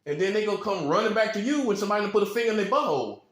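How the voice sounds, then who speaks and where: A man's voice: high-pitched, lively intonation, rapid-fire, roomy sound. A man giving an informal preaching monologue, blunt and repetitive, with slang and chuckles. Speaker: self-styled prophet.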